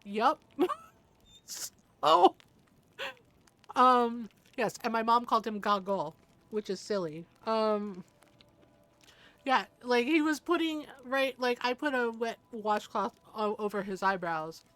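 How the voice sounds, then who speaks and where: A woman's voice: fairly high pitch, lively intonation, slow pace, long pauses, a bit bright. A woman streamer chatting candidly over gameplay, laughing often and swearing casually.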